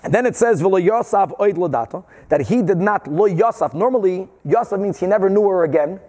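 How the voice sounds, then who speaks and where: High-voiced man teaching Talmud. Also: expressive, a little fast, mellow. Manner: translates Aramaic and Hebrew phrase by phrase into English, rhetorical questions. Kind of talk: daf yomi Talmud class.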